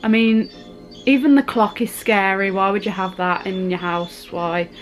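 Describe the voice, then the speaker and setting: A woman's voice: medium pitch, steady tone, unhurried, faint music behind, poor audio. A young woman talking through a scary film as a vlogger, gasping, squealing and chatting in a casual reaction vlog.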